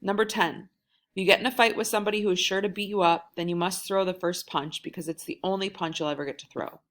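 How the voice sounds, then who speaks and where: A woman reading a novel aloud in a wry first-person storytelling manner, lively when voicing the quoted lines. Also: on the low side, fast talker. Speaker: audiobook reader.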